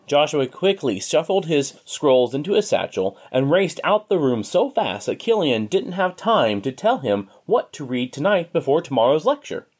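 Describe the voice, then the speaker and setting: A man narrating a story in an expressive, steady reading voice. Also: a little high, normal speed, few pauses, breathy edge.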